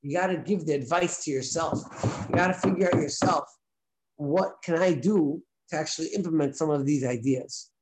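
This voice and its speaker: A man's voice: a little high, moderate pace, a little mellow, low-quality recording. A man, a rabbi, giving a casual spoken lesson to his class, talking conversationally, repeating his points and asking rhetorical questions. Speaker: rabbi teaching a daily class.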